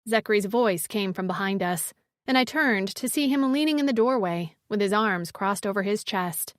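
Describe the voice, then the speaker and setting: A woman narrating a first-person fantasy romance audiobook with an expressive storytelling delivery. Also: mid-range voice, moderate pace, dry recording, clean studio sound.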